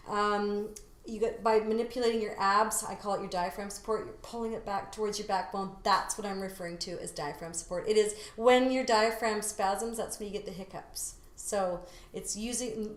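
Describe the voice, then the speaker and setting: A woman's voice: mid-range voice, reverberant. A woman vocal coach teaching a singing lesson step by step, now and then singing short phrases to show a point. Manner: explains step by step, demonstrates sung phrases.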